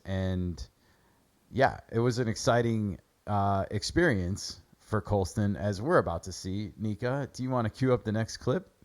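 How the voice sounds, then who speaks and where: Man host, lower voice, chatty, casual football analysis. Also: darkish tone. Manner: chatty, many fillers. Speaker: sports podcast host.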